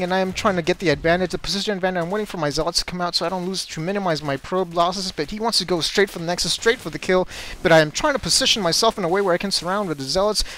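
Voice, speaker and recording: Young male replay commentator, a touch high-pitched, eager and easily flustered, home desk mic with faint hiss. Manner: excitable, gets flustered and speeds up in fights. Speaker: game commentator. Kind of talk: commentating his own replay.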